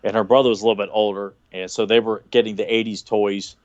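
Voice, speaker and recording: A man's voice: on the low side, quick pace, no room sound, lo-fi sound. Rambling Southern man on a podcast. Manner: excited, rambling, many fillers and restarts. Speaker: podcast co-host. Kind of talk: casual chat, watching a cartoon.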